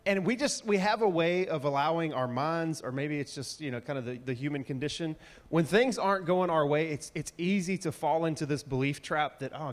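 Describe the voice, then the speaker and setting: A man preaching a casual, chatty sermon full of slang and animated asides. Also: fairly high pitch. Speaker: pastor. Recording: reverberant church hall.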